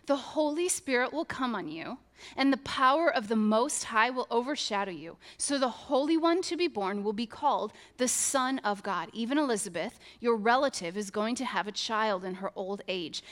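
A woman preaching a sermon, reading scripture aloud and telling it with humor and lively storytelling. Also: fairly high pitch.

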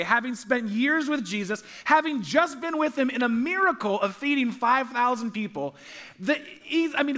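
A male pastor's high, bright voice fills a church sanctuary as he delivers an animated sermon. He drops funny asides while alternating between loud, emphatic build-ups and quiet, hushed moments.

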